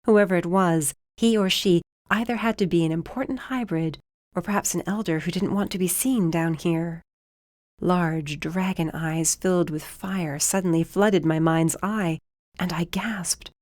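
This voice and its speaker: A woman reading a first-person audiobook with tense, brisk storytelling into a close studio mic. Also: on the low side, a little mellow, dry recording. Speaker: audiobook narrator. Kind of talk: first-person scripted narration.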